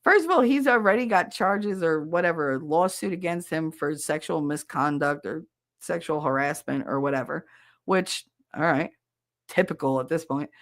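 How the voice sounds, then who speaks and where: A woman's voice: deep voice, moderate pace, dry recording, studio quality. A woman in her fifties with a New Jersey accent, hosting a podcast and telling stories in a casual, blunt and profane way, acting out both sides of a conversation. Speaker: podcast host. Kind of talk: casual storytelling chat.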